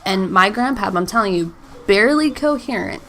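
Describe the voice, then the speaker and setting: Expressive and speaking at normal speed, this woman's mid-range voice sounds pushed and bright over slight background noise. In her thirties, she hosts a solo faith podcast, chatting casually with many "like"s, "um"s and little laughs, emotional and close to tears.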